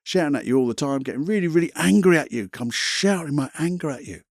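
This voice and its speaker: A man's voice: a little high, animated, fast talker, no room sound, clean studio sound. A man voicing an angry, baffled man in a spoken story, talking in a raised, exasperated voice.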